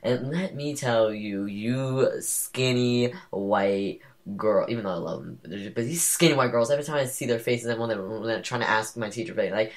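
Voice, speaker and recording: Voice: medium pitch, moderate pace. Young podcast co-host, rambling and sassy. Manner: rambling, sassy storytelling with many fillers. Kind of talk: casual chat.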